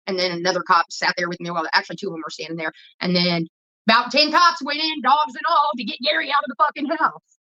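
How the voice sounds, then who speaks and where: A woman's voice: medium pitch, quick pace, sharp tone, muffled recording. A woman vlogger telling a rambling, profane story while she cooks. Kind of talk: casual storytelling while cooking.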